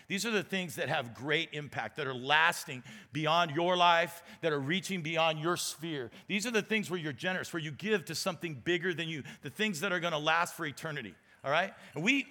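A man's voice: on the high side, sharp tone. A man in his forties, an executive pastor, gives a chatty, self-deprecating sermon on a stage mic and keeps checking in with the crowd. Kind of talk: conversational sermon. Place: church auditorium. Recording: long reverb of a large hall.

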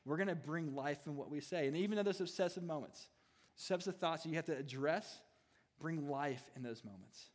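Preaching in a church hall that echoes around him, a man who works as a student ministry pastor speaks at a fairly high pitch and a fairly quick pace, slipping in lighthearted, humorous asides.

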